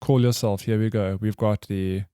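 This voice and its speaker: This South African man has a lowish voice recorded dry and close, with no room around it. He co-hosts a casual gaming podcast over a remote call, laughing often and tossing in quick, playful asides. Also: steady tone, warm tone, clean tone, no echo. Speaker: podcast co-host. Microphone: remote call mic.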